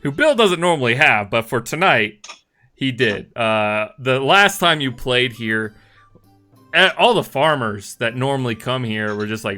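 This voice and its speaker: A man's voice: medium pitch, expressive, measured pace, pushed and bright, faint music behind. A man narrating as game master in a casual, profane tabletop session, often trailing off with fillers.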